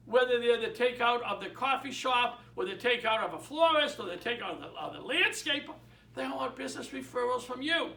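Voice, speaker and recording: An older man leads a real estate training session in an unusually high, bright voice. He is animated and acts out the phone calls he describes. He sounds set back from the mic in a roomy, echoing space. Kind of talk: training talk. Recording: echoey room, mic at a distance.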